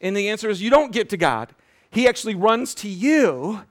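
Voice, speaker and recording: In a church, a pastor in his fifties preaches an animated, conversational sermon, throwing quick questions at the congregation. He has a high voice.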